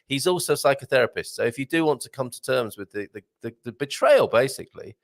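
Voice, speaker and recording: An English man hosts a live talk show in a jokey, animated way, laughing often. His pitch swings widely as he talks. He sounds amused and keeps the chat moving. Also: fast talker. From England. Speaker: host.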